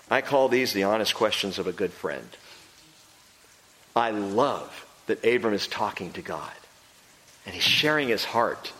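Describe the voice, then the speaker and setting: A man preaching a sermon, swinging between loud emphatic lines and hushed ones. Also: fairly low pitch, animated, a little slow, pauses often. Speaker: pastor. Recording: long reverb of a large hall.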